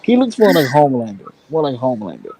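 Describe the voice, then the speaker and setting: A man with a mellow, warm tone, dropping laid-back comments into podcast banter. His pitch rises and falls freely as he reassures his friends. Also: huge pitch swings, fast talker, slightly rough, rough recording. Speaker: podcast co-host. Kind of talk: casual chat.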